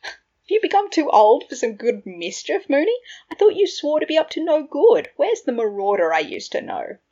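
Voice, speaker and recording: A woman's voice: high voice, normal speed, pitched above the performer's own voice. A woman voicing a mischievous, ranting prankster wizard. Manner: animated, exasperated ranting. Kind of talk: fan fiction audiobook reading. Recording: dull lo-fi recording.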